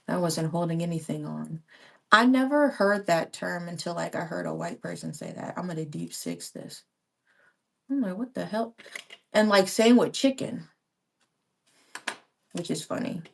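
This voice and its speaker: A woman's voice: on the low side, very animated, moderate pace, creaky, pauses often, distant mic. A woman in her thirties chatting casually with viewers while she crafts at home, rambling with slangy asides. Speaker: crafting vlogger. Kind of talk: casual live-stream chat while crafting. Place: home, by a window. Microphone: small handheld pink microphone.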